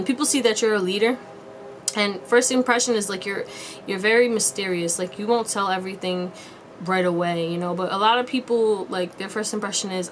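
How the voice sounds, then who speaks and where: A woman's voice: medium pitch, moderate pace, slight background noise. A woman giving a casual pick-a-card tarot reading to viewers, chatty and slangy with frequent laughs. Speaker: tarot reader.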